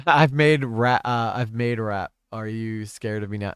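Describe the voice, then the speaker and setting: A man's voice: on the low side, normal speed, clear, resonant tone, no echo, studio quality. A young man hosting a casual stream chat, talking crudely and rambling, often trailing off mid-sentence. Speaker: streamer host.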